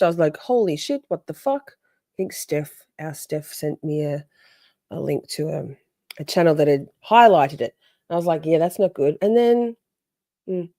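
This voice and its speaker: Chatty woman with a dark, dry voice. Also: low-pitched, no echo. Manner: chatty, gushing, laughs often. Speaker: livestream host recapping a trial. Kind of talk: casual live commentary.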